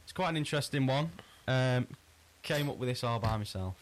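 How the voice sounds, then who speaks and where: A man's voice: mid-range voice, animated, brisk. Easygoing man running a casual quiz. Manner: chatty, easygoing, frequent restarts. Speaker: quizmaster. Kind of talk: casual podcast chat.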